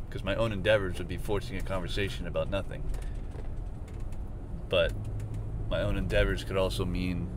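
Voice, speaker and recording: Rambling man podcasting from a car. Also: on the low side. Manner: rambling, crude and self-mocking. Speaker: podcast host. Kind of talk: rambling solo podcast while driving. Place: inside a moving car. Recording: steady car road noise.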